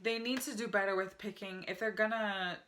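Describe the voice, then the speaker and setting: A woman's voice: mid-range voice, fairly even intonation, a little fast, fairly bright tone. A young American woman vlogging casually at home, chatty and enthusiastic, often laughing as she talks to the camera. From United States. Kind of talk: casual vlog review.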